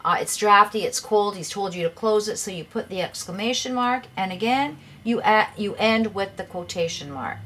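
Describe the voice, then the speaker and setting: A woman's voice: mid-range voice, lively intonation, normal speed, few pauses, a bit bright. A woman teaching an English grammar lesson, patiently explaining rules and reading example sentences aloud with emphasis.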